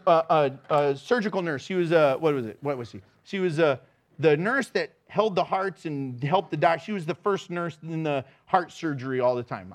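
A man's voice: high voice, fairly bright tone. A middle-aged man preaching a sermon, telling stories animatedly with laughter and mimicked voices. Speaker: pastor.

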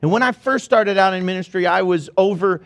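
A male pastor preaching a sermon, telling a story with animated, rising excitement. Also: high voice, brisk, dry recording.

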